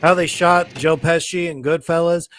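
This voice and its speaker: A man's voice: a little high, fairly even intonation, normal speed, fairly bright tone, dry recording. A man giving a casual, slangy movie recap, laughing often and acting out the characters' lines. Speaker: movie kill-count commentator.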